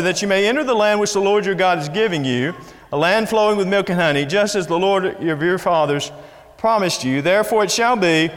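High-voiced man preaching in a hall. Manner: earnest, emphatic preaching with repeated phrases. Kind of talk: sermon.

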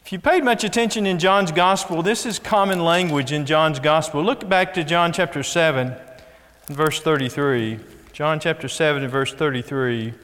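A man's voice: a little high, normal speed, fairly bright tone. A man preaching a sermon in an earnest way, repeating key phrases as he builds emphasis. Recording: long echo of a large hall.

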